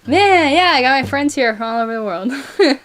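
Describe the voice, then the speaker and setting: A woman in her twenties from Buffalo with a slight Buffalo accent, chatting casually and excitably with viewers on her live stream. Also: a little high, a little fast. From Buffalo, New York. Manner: chatty, excitable, reads viewer chat aloud. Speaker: musician streamer.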